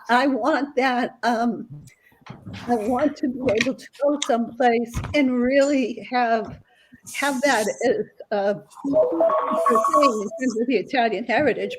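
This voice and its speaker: A woman telling family stories in an excitable, rambling way, losing her train of thought. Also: on the high side, background noise. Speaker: guest author. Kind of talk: casual chat.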